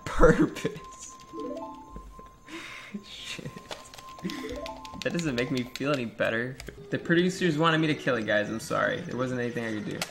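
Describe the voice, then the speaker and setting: A man's voice: medium pitch, vocal fry, fairly bright tone. A man streaming a game live, joking crudely with his chat and swearing often. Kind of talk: live-stream gameplay commentary.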